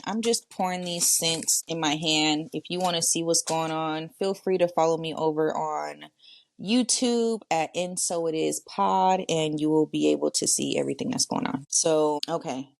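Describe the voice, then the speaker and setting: Casting: female podcast host, low gravelly voice, relaxed solo chat straight to listeners. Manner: chatty, talks straight to listeners. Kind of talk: casual solo monologue.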